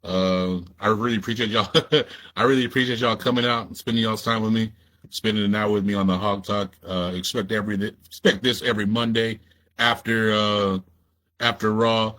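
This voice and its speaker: A man's voice: lowish voice, little pitch movement, normal speed, a bit bright. Laid-back man hosting a livestream. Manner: laid-back, profane, talks straight to viewers. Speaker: livestream host. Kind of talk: casual livestream chat.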